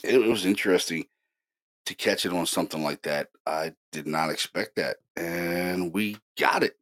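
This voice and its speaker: Casting: deep-voiced male host, casual storyteller, animated and excited, filler-heavy. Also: normal speed. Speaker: paranormal investigator host.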